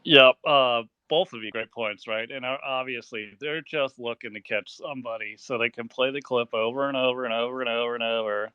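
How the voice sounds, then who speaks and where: A male talk show host with a bright, smooth voice, briskly agreeing and handing the floor to his guests. The sound is dry and a little dull. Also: medium pitch, fairly even intonation, dry recording. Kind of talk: radio talk show hosting.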